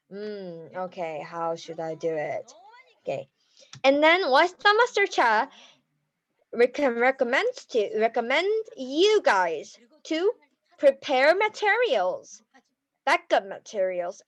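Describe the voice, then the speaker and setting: A woman giving a business training talk in slightly non-native English, lively and acting out examples with laughter. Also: fairly high pitch, low-quality recording.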